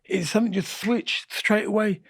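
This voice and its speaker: A man in his sixties, a boxing guest telling fight stories in an energetic, animated way and repeating his phrases. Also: high voice, moderate pace, creaky, dry recording, studio quality. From England. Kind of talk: animated storytelling interview.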